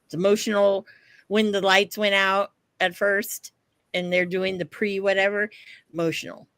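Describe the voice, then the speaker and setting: A woman with a mid-range voice, chatting casually on a podcast. She tells her story in an animated way, acts out every quote, and swears freely. The sound is dry and close to the mic. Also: mid-range voice, moderate pace, smooth, no echo. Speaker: podcast co-host. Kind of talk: casual chat.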